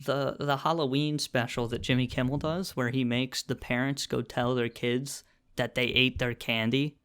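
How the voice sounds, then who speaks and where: A man's voice: mid-range voice, steady tone, normal speed, fairly bright tone, smooth. A young man co-hosting a podcast in casual chat, telling rambling stories and laughing often. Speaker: podcast co-host.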